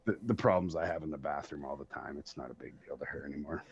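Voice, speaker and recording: A man hosting a podcast, telling stories in a casual, profane, animated way and laughing at himself. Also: very deep voice, fast talker, vocal fry, breathy edge. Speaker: podcast host. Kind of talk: casual storytelling chat. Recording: dull lo-fi sound.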